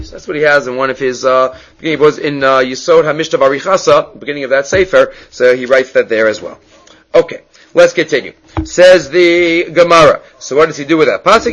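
A man's voice: on the high side, a bit bright. A man teaching a Talmud class, explaining the text with frequent fillers and restarts. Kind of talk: Talmud lecture.

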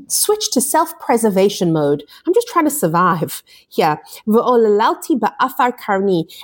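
A woman voicing a grieving biblical man in a scripture lesson, pleading his innocence in an anguished voice and repeating her words. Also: medium pitch.

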